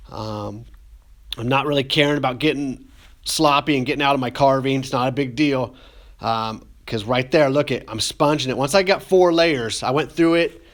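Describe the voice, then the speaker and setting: A man's voice: mid-range voice, a bit bright. A man teaching ceramics, talking through a glazing demonstration in a loose, rambling, joking way with many fillers. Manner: casual, rambling, says "getting emotional" as a joke. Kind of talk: classroom demonstration video.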